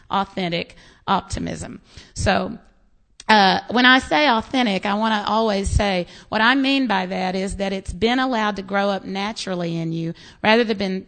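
Gravelly-voiced American woman preaching. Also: medium pitch. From United States. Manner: animated storytelling with quoted voices and laughs. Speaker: pastor. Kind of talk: sermon.

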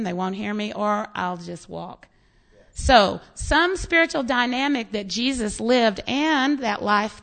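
Gravelly-voiced American woman preaching. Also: medium pitch. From United States. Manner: animated storytelling with quoted voices and laughs. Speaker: pastor. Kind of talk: sermon.

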